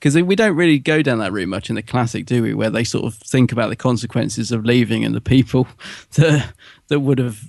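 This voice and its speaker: A man's voice: medium pitch, brisk, creaky, few pauses, a little mellow, dry recording, studio quality. A man co-hosting a podcast, chatting enthusiastically and conversationally. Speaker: podcast co-host. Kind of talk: casual chat.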